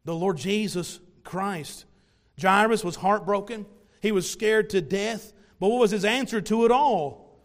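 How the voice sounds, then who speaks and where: A man preaching a sermon to his congregation, animated, acting out little voices of the people in the story. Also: sits high. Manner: animated, plays out voices of mockers and parents. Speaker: pastor.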